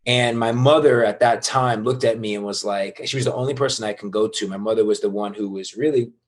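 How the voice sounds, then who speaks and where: A man's voice: fairly low pitch, steady tone, fairly quick. A man in his thirties, a guest entrepreneur, telling his life story in a casual interview with emphatic, casual delivery.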